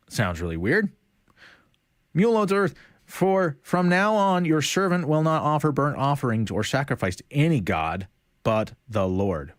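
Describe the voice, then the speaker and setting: A man teaching a casual Bible study, animated and conversational, retelling stories in everyday speech. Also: fairly high pitch, normal speed, dry recording, clean studio sound.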